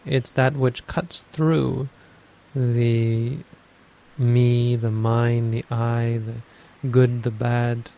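A man giving a dharma talk on meditation, explaining in a measured way and thinking aloud as he goes. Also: mid-range voice, level tone, vocal fry, mellow, low-quality recording. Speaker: meditation teacher.

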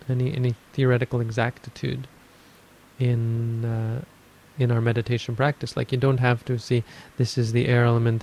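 A man giving a dharma talk on meditation, explaining in a measured way and thinking aloud as he goes. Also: mid-range voice, gravelly, a little mellow, low-quality recording. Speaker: meditation teacher.

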